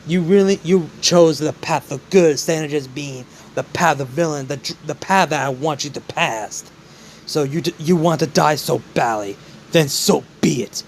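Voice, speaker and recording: A man voicing a cold, disappointed supervillain father who lectures calmly, for a fan-made story. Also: a little high, moderate pace, slight background noise, natural voice.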